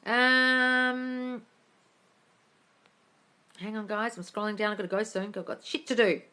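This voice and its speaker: A young woman hosts a casual phone livestream, answering viewer questions in a bright, sharp voice. She talks in an animated, blunt way and swears freely. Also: on the high side, a little slow, slight background noise. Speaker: manifesting coach hosting a live Q&A. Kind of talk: casual livestream chat reading viewer comments. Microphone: phone mic on a social media live stream.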